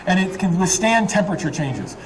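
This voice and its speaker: A man with a fairly high voice gives a chatty, filler-laden chemistry demonstration. The mic sits some distance from him, and a faint background hiss runs underneath. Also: sing-song, fairly quick. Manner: chatty, explanatory, many fillers. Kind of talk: live science demonstration.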